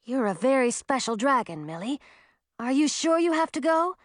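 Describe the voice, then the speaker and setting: A gentle, humble young male dragon, given voice by a woman storyteller, earnest in his words. The delivery is lively and recorded dry and close. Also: high voice, normal speed, no echo, pitched above the performer's own voice.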